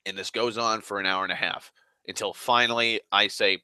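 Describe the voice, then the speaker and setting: Young guy ranting, cussing constantly, bright tense voice, dry close mic. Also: on the low side, fairly even intonation, fairly quick, clear, resonant tone, dry recording. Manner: profane, exasperated, acts out quoted people. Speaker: vlogger telling a story. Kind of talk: profane storytelling rant.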